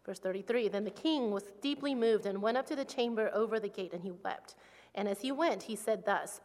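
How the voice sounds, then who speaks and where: A woman's voice: medium pitch, fairly quick. A woman interpreting a sermon into English line by line, reading scripture with feeling. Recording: long hall reverb.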